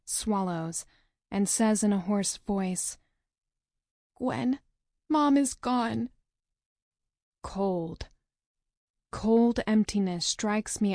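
A woman narrating a novel in the first person, with a measured, dramatic reading. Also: medium pitch, mellow, dry recording, studio quality. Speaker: audiobook narrator.

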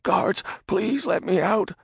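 A man voicing a fat male prisoner who is terrified of the dark, shrill and whining in a high, frightened voice. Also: expressive, a little slow, gravelly, husky, no room sound, clean studio sound, full character voice. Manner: whiny and frightened.

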